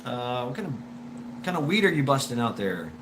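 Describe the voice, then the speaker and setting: A medium-pitched man with a sing-song delivery at normal speed hosts a casual livestream over background noise. He answers viewer comments in a wheezy smoker's voice, rambling, stammering, and cursing freely.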